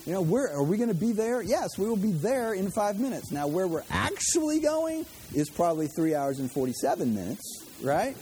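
A man's voice: sits high, big pitch swings, normal speed, hardly any pauses, warm tone, slight background noise. A man preaching a sermon as pastor, chatty and conversational, with joking asides to the congregation.

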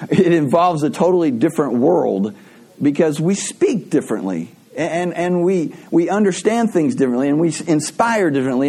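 A man's voice: fairly high pitch, warm tone, slightly rough. A man preaching a sermon in a conversational way, asking rhetorical questions and adding playful asides. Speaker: pastor.

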